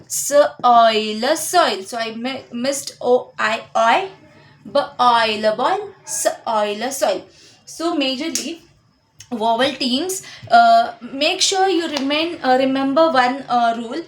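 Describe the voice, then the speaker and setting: A young woman teaching a whiteboard phonics lesson. She repeats each sound slowly for learners and mixes in some Hindi. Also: sits high, lively intonation. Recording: echoey room.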